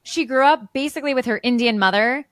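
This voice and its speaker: Woman co-host, measured and argumentative, dry close sound. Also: a little high, no echo. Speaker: podcast co-host. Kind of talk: casual political chat.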